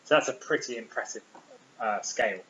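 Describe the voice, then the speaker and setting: A man's voice: mid-range voice, brisk, a bit bright, slight background noise. A British man giving a public physics lecture, eager and full of ums and restarts. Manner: enthusiastic, many ums and restarts. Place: lecture hall. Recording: roomy, slightly dull lecture recording.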